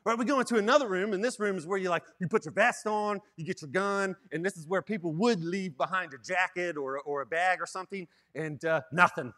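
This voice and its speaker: A young man, a student ministry director, telling a funny story in a sermon, animated and self-mocking, often tagging his lines with "right?". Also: sits high, fairly quick, hardly any pauses.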